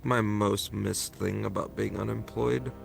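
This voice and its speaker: Male friend on a stream, deep and very gravelly voice, dry and relaxed humor. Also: unhurried, music in the background. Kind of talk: casual chat.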